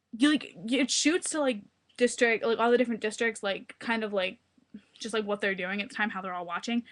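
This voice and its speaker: A young woman talking excitedly into her webcam at home, gushing and full of filler words. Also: medium pitch. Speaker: vlogger. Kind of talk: excited casual webcam vlog. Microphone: webcam mic.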